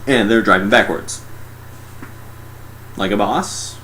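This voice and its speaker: A man's voice: mid-range voice, slow pace, pauses often, bright, forceful tone, slight background noise. A sarcastic young man giving a casual, mocking movie review.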